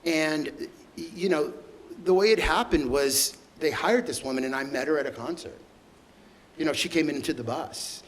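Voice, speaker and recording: A middle-aged man telling emotional stories as a guest onstage, halting and stumbling over repeated words. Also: on the high side, low-quality recording. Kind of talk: emotional storytelling conversation.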